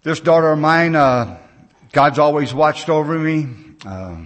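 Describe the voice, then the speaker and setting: On the high side and unhurried, this older American man's expressive voice carries his personal recovery story to a large conference audience. He's a homespun, plain-talking storyteller who acts out the voices of others in the story.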